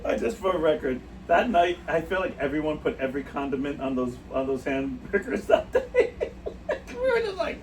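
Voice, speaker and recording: A man's voice: a little high, moderate pace. A man co-hosting a podcast, chatting casually and telling stories with frequent laughter. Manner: laughs often, tells animated stories. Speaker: podcast co-host. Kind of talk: casual chat. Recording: distant mic with faint noise.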